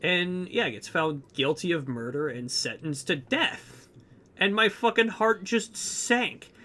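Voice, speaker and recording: A man's voice: high voice, lively intonation, takes it slowly, sharp tone. A young man co-hosting a podcast, retelling a movie plot in rambling casual chat with lots of fillers. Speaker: podcast co-host.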